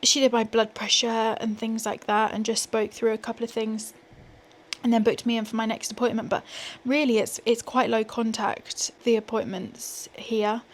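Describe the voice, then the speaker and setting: A woman's voice: fairly high pitch, level tone, moderate pace. A young British woman, pregnant, chatting casually to a handheld camera in a vlog with self-deprecating asides. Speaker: vlogger. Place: indoors at home and walking outdoors. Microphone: small handheld gimbal camera.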